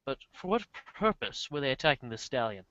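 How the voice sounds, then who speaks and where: A man's voice: medium pitch, very animated, brisk, a bit bright, dull audio. A man voicing a stern, formal pony princess giving orders in a tabletop role-play. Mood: commanding. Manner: formal, commanding.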